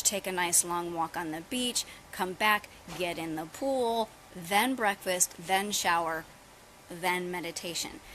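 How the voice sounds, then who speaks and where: A middle-aged woman yoga teacher talking casually to her viewers about her practice, chatty and relaxed. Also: mid-range voice, slight background noise, low-quality recording. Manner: chatty, relaxed, addresses viewers as "you guys". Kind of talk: casual live-stream yoga talk. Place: outdoors on holiday.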